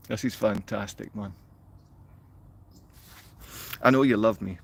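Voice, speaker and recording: A man's voice: on the low side, unhurried, gravelly, pauses often. A man livestreaming, reading comments from his chat aloud and answering them with a confrontational, insulting rant. He sounds downcast.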